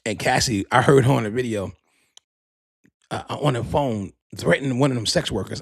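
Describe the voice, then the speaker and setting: A man's voice: mid-range voice, moderate pace, vocal fry, no room sound, clean studio sound. A man hosting a podcast, telling stories in a loose, comic way, swearing and laughing at his own tales. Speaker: podcast host.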